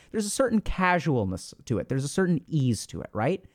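Animated man explaining, high-pitched. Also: a little fast, hardly any pauses. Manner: animated, acts out inner voices, lots of "like" and "right?". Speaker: podcast host. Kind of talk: casual explanatory talk.

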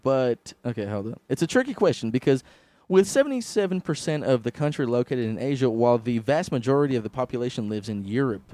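A man's voice: medium pitch, animated, fast talker, few pauses, warm tone, no echo. A man co-hosting a podcast, rambling through crude comedic banter and laughing easily. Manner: rambling, laughs easily, asks eager questions. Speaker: podcast co-host.

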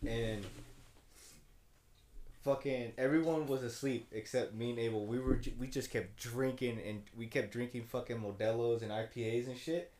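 A young man with a mid-pitched voice tells a drunk story. He rambles and swears, with many restarts, as a podcast co-host chatting with friends. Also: moderate pace. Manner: rambling and profane, restarts a lot, gets loud when excited. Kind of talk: casual chat, storytelling.

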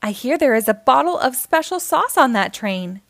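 A woman's voice: high voice, big pitch swings, normal speed, creaky, no echo, clean studio sound, exaggerated voice. A woman voicing a scheming male bandit in a children's storybook.

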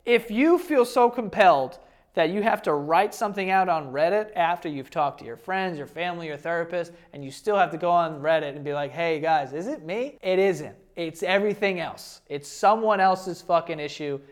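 A man's voice: sits high, normal speed. A young adult man hosting a comedic reaction to online posts, brash and profane, laughing often as he reacts. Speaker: host.

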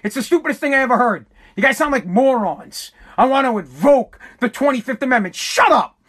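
A woman's voice: high voice, animated, brisk, fairly bright tone, husky. A woman from the United States giving an angry, profane political rant. She is sarcastic and repeats words when she gets worked up. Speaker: political commentator.

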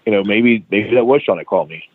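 A middle-aged man, a wrestling trainer on an interview show as a guest, rattles off a crude, animated anecdote fast, performing the quoted exchanges. His voice is on the low side, without echo, over a thin phone-style line.

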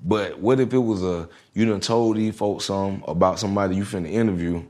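A man telling a lively story in casual chat, acting out what others said. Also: low-pitched, fast talker. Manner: animated storyteller, acts out quotes. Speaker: guest.

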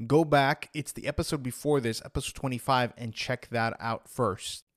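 A man's voice: medium pitch, dry recording, clean studio sound. A man in his thirties hosting a podcast, telling his own story in a candid, rambling way with frequent restarts. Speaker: podcast host. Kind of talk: personal storytelling monologue.

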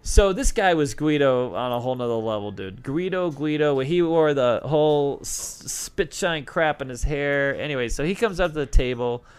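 A middle-aged ex-craps dealer speaks at a normal pace in a clean, animated, medium-pitched voice with few pauses. He answers questions and tells stories in a loose, rambling Q&A, full of fillers and restarts.

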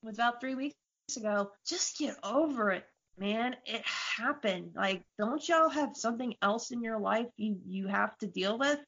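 A woman chats with animated flair, telling stories and swearing freely. Her voice sits a touch high. The audio is dull and lo-fi. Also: normal speed. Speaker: podcast co-host. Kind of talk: casual chat.

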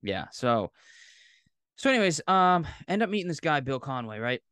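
A man's voice: a little high, sing-song, normal speed, a bit bright, clear, resonant tone, no echo, clean studio sound. A man in his thirties with a Massachusetts accent, telling a long, rambling, profane story in casual podcast chat. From Massachusetts, South Shore. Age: 30s. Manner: rambling, profane, laughs often. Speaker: podcast co-host.

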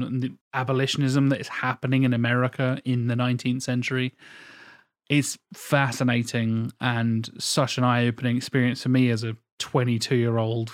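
A man's voice: medium pitch, no echo, studio quality. A man in his thirties co-hosting a podcast, talking about films in a casual, rambling way and swearing often. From England. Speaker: podcast co-host. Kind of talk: casual film discussion.

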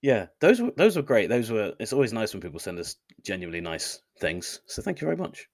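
A man's voice: on the low side, very animated, a little fast, dry recording, clean studio sound. A man co-hosting a casual podcast, giggly and self-mocking, laughing often. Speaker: podcast co-host. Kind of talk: casual chat.

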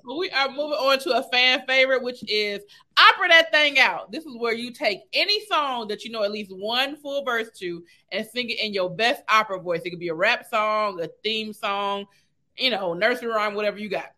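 A woman hosting a game segment, announcing each round in a brisk, upbeat way. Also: a little high, expressive, pushed and bright. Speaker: host.

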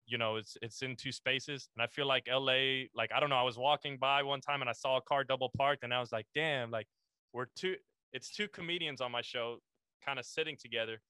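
A man's voice: medium pitch, steady tone, brisk, pushed and bright, smooth, no echo. A man guesting on a podcast, rambling and self-deprecating with lots of likes and uhs. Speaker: guest comedian. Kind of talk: casual podcast chat.

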